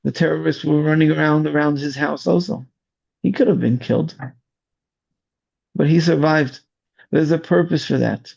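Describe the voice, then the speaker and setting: A man who commands rescue volunteers, telling his story slowly in an interview and searching for his words. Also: fairly high pitch, steady tone, creaky, a little mellow, slightly rough. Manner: slow, searching storytelling with restarts. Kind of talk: interview testimony. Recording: dull lo-fi audio.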